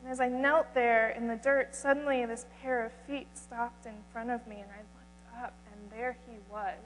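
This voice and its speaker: A woman speaking as a humble outcast woman who is desperate and then awed, in an earnest first-person retelling with halting restarts. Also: fairly high pitch, fairly even intonation, close to an everyday voice. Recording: reverberant hall, faint mains hum.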